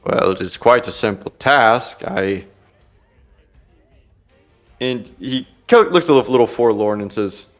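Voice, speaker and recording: A man's voice: medium pitch, lively intonation, highs cut off, faint music behind. Casual male game master narrating. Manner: casual, fast descriptive narration with fillers.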